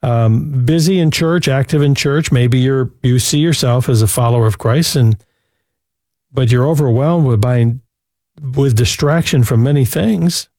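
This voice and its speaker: A man's voice: medium pitch, a little slow, mellow, no echo, clean studio sound. Man hosting Christian call-in radio. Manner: earnest and preacherly. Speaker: host.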